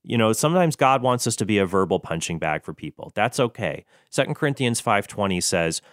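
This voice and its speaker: A man with a fairly low, smooth and resonant voice talks through a case on his solo show. He sounds earnest and explanatory, now and then turning sarcastic. The sound is dry and close to the mic. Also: big pitch swings, a little fast, hardly any pauses, no room sound. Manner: earnest, explanatory, with bursts of sarcasm and mock British impressions. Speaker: Catholic apologetics show host.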